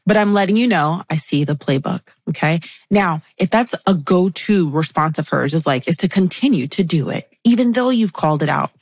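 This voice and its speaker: A woman guest on a podcast, explaining friendship dynamics in a lively conversational way and acting out quoted remarks. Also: fairly low pitch, normal speed, hardly any pauses, no echo. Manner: animated, acts out catty quotes.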